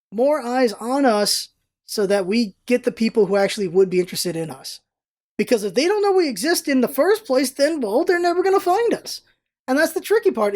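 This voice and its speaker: A woman's voice: fairly high pitch, a little mellow. A woman talking to camera in a casual vlog, rambling and correcting herself as she goes. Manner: rambling, self-correcting, chatty. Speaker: vlogger.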